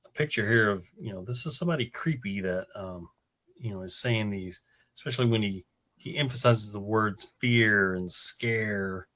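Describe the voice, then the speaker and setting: A man's voice: on the low side, fairly quick, fairly bright tone. A man co-hosting a comic book podcast, earnestly recapping the plot with many "you know"s. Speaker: podcast co-host. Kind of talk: casual comic book discussion.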